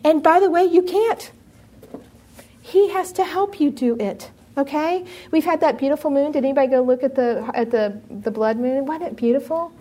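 A middle-aged woman preaching to a live audience, telling a personal story and asking the room questions in an animated way. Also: high-pitched, normal speed.

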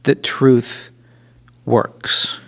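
A man hosting a faith-based conversation, speaking in reflective, deliberate phrases. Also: a bit bright.

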